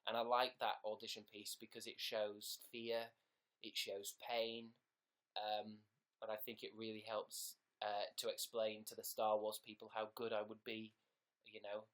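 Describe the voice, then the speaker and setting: A man's voice: fairly low pitch, completely flat delivery, measured pace, fairly bright tone. A man with an English accent chatting casually on a livestream, rambling and joking at his own expense. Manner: rambling, silly and self-mocking. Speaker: livestream host.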